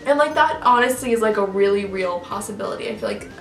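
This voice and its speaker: A woman's voice: mid-range voice, animated, fast talker, distant mic. Rambling young woman vlogger, echoey room. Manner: rambling, filler-heavy, lots of "like". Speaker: YouTuber. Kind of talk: casual ranting reaction. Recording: echoey room, off-mic, faint music.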